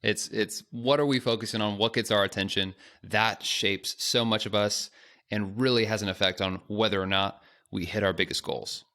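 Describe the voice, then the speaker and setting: A man's voice: fairly low pitch, steady tone, normal speed, pushed and bright. A man co-hosting a podcast, chatting in a conversational, rambling way with joking asides. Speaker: podcast co-host. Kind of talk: casual podcast chat.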